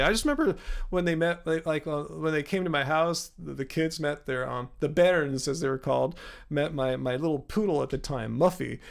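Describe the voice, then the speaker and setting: American dude on a livestream reading chat, gravelly voice, lots of likes and ums, bit on the higher side. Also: male voice. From United States. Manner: rambling, filler-heavy. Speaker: host. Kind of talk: live-stream Q&A chat.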